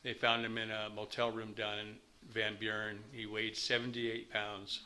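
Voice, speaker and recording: A man's voice: on the low side, monotone, normal speed, sharp tone. Candid man telling his story. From United States. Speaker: speaker at a recovery meeting. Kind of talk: personal recovery testimony.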